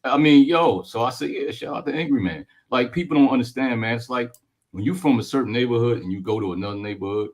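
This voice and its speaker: A man's voice: mid-range voice, quick pace, darkish tone. A man in his forties with a Newark accent, talking bluntly and joking in street slang on a casual panel. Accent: Newark, New Jersey. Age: 40s. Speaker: panel guest. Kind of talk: casual chat.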